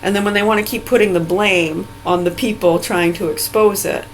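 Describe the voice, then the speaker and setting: Brief: woman, forties, mid-pitched, heated profane vlog rant, rambling. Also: fairly even intonation, a little fast, a little hiss or hum, rough recording. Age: 40s. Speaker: vlogger.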